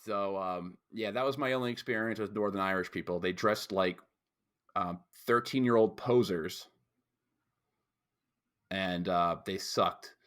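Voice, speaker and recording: A man's voice: sits low, a little slow, pauses often. A young man from New York, a podcast co-host, telling a rambling story in casual chat and acting out other people's voices. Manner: rambling storytelling with loud mimicked voices and swearing.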